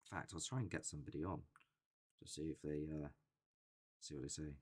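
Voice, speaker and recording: This young paranormal-channel host has an extremely low, slightly breathy voice and keeps a steady tone at a bit of a fast clip. His casual live chat is rambling and chatty, and he frequently acts out people's quotes.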